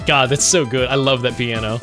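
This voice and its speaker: A man's voice: mid-range voice, steady tone, a little fast, over music. A young man streaming games, rambling and joking casually as he talks to his chat. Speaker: game streamer.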